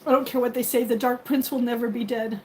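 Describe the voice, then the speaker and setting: A woman in her forties hosts a casual livestream and talks straight to her viewers. She rambles from one thought to the next and speaks openly and emotionally. Her voice sits a little high, with faint background noise behind it. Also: fairly even intonation, fast talker, dark tone, poor audio. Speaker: livestream host. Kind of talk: casual chat with live viewers.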